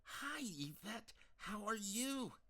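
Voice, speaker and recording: An eager, chirpy young woman greets a friend in a high, bubbly voice, put on by the man reading the story. The pitch jumps about, and the words come slowly and brightly. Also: very animated, creaky, husky, heavily acted.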